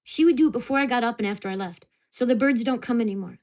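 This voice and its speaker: Swearing and indignant, a woman vents furiously about her neighbors in a vlog shot at home. She speaks quickly in a slightly high, somewhat mellow voice.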